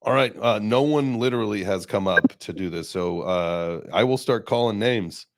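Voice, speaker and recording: Low-voiced man hosting a rambling chat. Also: normal speed, dry recording, clean studio sound. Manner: relaxed, rambling, many fillers. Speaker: host. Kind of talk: casual chat.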